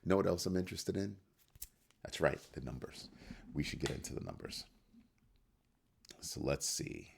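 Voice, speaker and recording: A man's voice: low-pitched, animated, normal speed, creaky, long pauses, slight background noise. A man hosting a crypto news show in casual solo commentary, firing rhetorical questions and restarting his phrases. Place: home studio at a computer.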